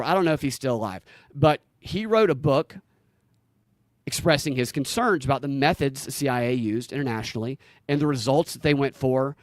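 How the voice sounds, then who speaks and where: A man's voice: medium pitch, no room sound, clean studio sound. A man with a Southern US accent hosting a podcast, chatting casually and telling rambling stories with easy laughs. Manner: rambling storyteller, laughs easily. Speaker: podcast host.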